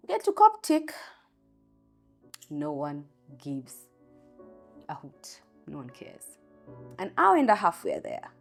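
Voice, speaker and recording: A woman's voice: sits low, wildly swooping pitch, slow, vocal fry, pauses often, soft background music. A young Kenyan mother telling a raw, candid personal story about a hard day.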